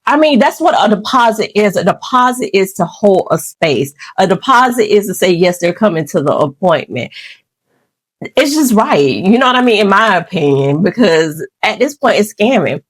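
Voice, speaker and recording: A woman's voice: medium pitch, sing-song, moderate pace, slightly rough. A woman host comments on clips in an opinionated, conversational way. Her recording is dry, with no room echo.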